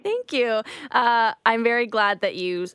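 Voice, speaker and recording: A woman hosting a sports radio show on a studio microphone, chatty and quick to laugh. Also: fairly high pitch, expressive, a bit bright.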